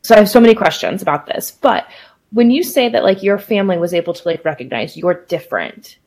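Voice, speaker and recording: A woman's voice: medium pitch, expressive, brisk, darkish tone. A woman interviewer asking curious, hesitant questions, full of "like" fillers.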